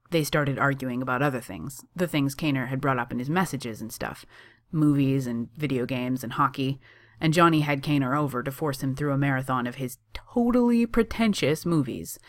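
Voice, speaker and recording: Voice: mid-range voice, no room sound, clean studio sound. A reader narrating fan fiction aloud in a casual, wry way.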